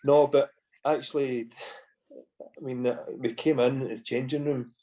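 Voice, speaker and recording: Unhurried and level, a dark mid-range male voice spins rambling stories as a podcast guest. He's a Scottish ex-footballer in his forties, and his casual chat is full of swearing and "you know" asides.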